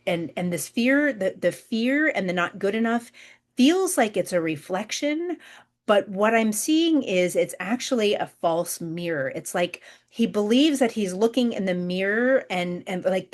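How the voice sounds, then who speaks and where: A woman hosting a spiritual energy reading, talking in a searching, hesitant way with many fillers and restarts. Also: medium pitch. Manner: giggles softly now and then. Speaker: intuitive reader, host.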